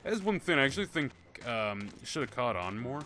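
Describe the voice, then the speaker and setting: Very animated and brisk, a game streamer with a medium-pitched, bright, forceful voice rambles and jokes through casual commentary on his live gameplay, swearing plenty. Game music and gunfire fill the background.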